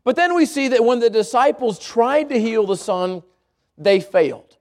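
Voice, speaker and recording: A man with a very high voice preaches to a congregation. His scripture reading drops lower, and between verses he explains in his own words, repeating words as he goes and putting questions to his listeners. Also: animated, moderate pace, a little mellow.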